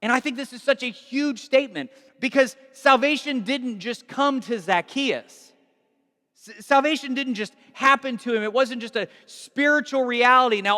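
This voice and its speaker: Guy preaching a sermon, bright tense voice, chatty and animated, big echoey hall. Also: extremely high pitch. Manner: animated, conversational preaching with acted-out quotes. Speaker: pastor. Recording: long reverb of a large hall.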